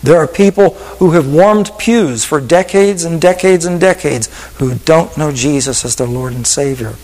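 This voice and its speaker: A male pastor preaching a sermon with an altar call, telling stories in a voice that drops to hushed whispers and rises to emphatic peaks. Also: mid-range voice, vocal fry, big-room sound, rough recording.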